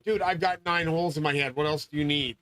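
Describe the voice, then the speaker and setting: A man with a somewhat high-pitched voice rants into his own channel. He rambles from point to point, swears constantly and makes grandiose claims, often slipping into yelling. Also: fairly even intonation, fast, poor audio. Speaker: channel host. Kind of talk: profane monologue rant.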